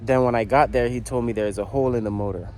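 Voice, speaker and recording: A man's voice: medium pitch, steady tone, quick pace, a little mellow, slight background noise. A man from the Virgin Islands telling a rambling, slangy story in a casual vlog while working in his garage. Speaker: motorcycle builder. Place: home garage.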